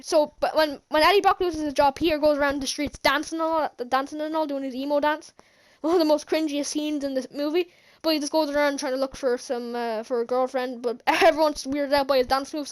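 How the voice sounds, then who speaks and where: A woman recapping a movie in a casual, rambling way, laughing often and restarting her sentences. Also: sits high. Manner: rambling, giggly, many restarts. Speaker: movie reviewer.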